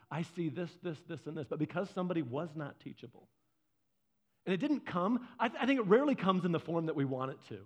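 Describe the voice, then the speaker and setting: A male pastor delivering a conversational sermon, telling stories and swinging from loud to hushed. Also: a little high. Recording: dull lo-fi sound.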